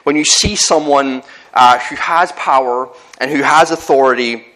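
A man's voice: mid-range voice, moderate pace, bright, forceful tone, rough recording. Earnest Northern Irish man preaching. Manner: earnest, conversational, repeats himself and restarts phrases. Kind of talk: sermon with personal stories.

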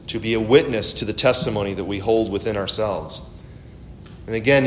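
Man, preacher, conversational sermon, rhetorical questions, echoey church room, faint rumble. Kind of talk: expository sermon.

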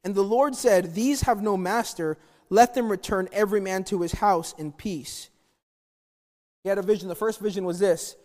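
A man preaching a sermon, retelling a Bible story in an animated way and acting out the quotes. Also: high-pitched, normal speed, long reverb tail. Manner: animated storytelling, acts out quotes, repeats words.

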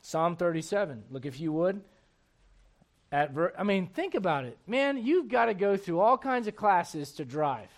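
A man preaching a sermon as pastor of a church, emphatic and swinging between loud bursts and low asides. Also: expressive, normal speed.

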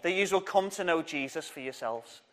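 A man telling a Bible story to children at church, lively and encouraging, getting the audience to shout along. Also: a little high, moderate pace. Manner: lively, encouraging, draws the crowd in.

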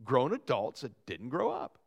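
A man preaching a sermon as pastor, lively and joking, acting out quotes and asides. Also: mid-range voice, normal speed, gravelly, breathy edge, lo-fi sound. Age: young adult or middle-aged, father of young boys.

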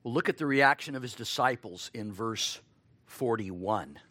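A man preaching a sermon, expressive, acting out quoted lines and asking his listeners rhetorical questions. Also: fairly low pitch, measured pace, no echo.

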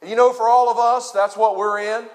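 Middle-aged male pastor, high voice, preacherly delivery with loud peaks and hushed dips. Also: little pitch movement, moderate pace. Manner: preacherly, swings from loud emphasis to hushed low drops. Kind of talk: sermon.

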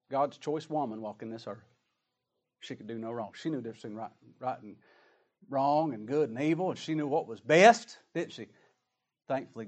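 A man preaching a sermon, reading scripture aloud and asking emphatic rhetorical questions. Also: mid-range voice.

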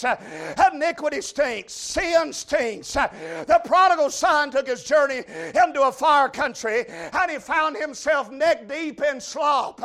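A male preacher delivers a fiery revival sermon, his voice pitched very high for a man. He shouts his lines, and drawn-out "uh"s fill the gaps between them. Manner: shouting, with frequent drawn-out "uh" fillers.

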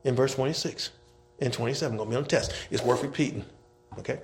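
A man preaching a sermon as pastor, swinging between shouted scripture and quiet, quick asides, repeating key lines for his congregation. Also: mid-range voice, slight background noise. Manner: repetitive, call-and-response preaching. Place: church with congregation.

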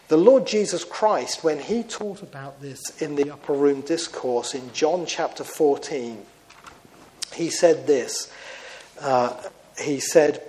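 A man's voice: mid-range voice, rough recording. A man preaching a sermon, explaining scripture in an earnest teaching manner with rhetorical questions and frequent filler sounds.

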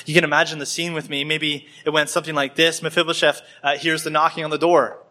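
A man's voice: a little high, level tone, fast, sharp tone. A man preaching a sermon in church, acting out the scenes with small changes of voice and often repeating words as he goes. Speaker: pastor.

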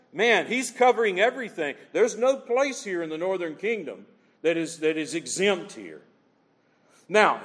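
A man's voice: high-pitched, big-room sound. A man preaching a sermon, asking the crowd rhetorical questions and reading scripture aloud with energy. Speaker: pastor.

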